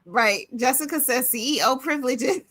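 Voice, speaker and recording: A woman's voice: sits high, normal speed, a bit bright. A woman co-hosting a live craft stream on a video call, reading out viewer comments and gushing with big swoops of surprise.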